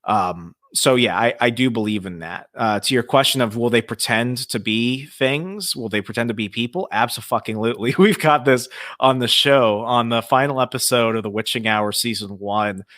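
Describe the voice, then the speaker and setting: A man's voice: medium pitch, moderate pace, hardly any pauses, no echo, clean studio sound. A man telling ghost stories as a podcast guest, casual and profane, acting out quotes from the people in them. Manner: profane, animated storytelling with acted-out quotes. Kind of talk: casual storytelling.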